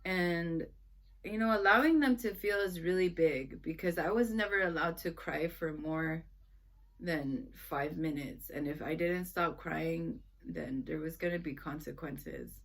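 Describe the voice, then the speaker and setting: Earnest woman vlogger, slightly low voice. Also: a little slow. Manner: earnest, rambling, with frequent restarts and quoted dialogue to her kids. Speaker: vlogger, mother. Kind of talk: casual reflective talk to camera.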